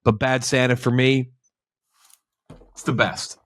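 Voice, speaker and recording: Bright, rambling male podcast co-host, casual chat. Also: medium pitch, level tone, takes it slowly. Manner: rambling, self-correcting, laughs often.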